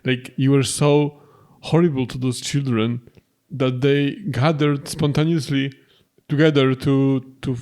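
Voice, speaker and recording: A man's voice: medium pitch, level tone, measured pace, hardly any pauses, a little mellow. A man co-hosting a reaction video, chatting thoughtfully with frequent restarts. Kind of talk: casual chat.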